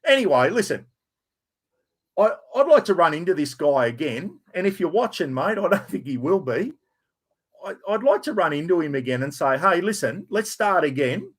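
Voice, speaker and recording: A man's voice: on the high side, sing-song, moderate pace. A middle-aged Australian man telling a heated story to camera, blunt and full of swearing. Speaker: vlogger. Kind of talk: casual rant to camera.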